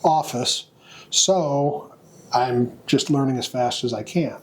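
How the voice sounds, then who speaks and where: A man of middle pitch talks casually as a podcast guest. He hesitates often and restarts his sentences as he gathers his thoughts. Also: takes it slowly. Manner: hesitant, with many fillers and restarts. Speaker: podcast guest, new Mason. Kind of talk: casual chat.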